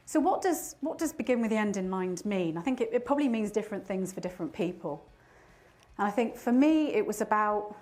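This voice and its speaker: Woman in her fifties telling a story. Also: mid-range voice. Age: 50s. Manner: warm storytelling, laughs at herself. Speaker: motivational speaker. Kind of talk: personal story in a motivational talk.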